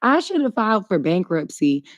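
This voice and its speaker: Animated sarcastic woman panelist. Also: medium pitch, moderate pace, no echo. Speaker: debate panelist. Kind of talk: casual panel discussion.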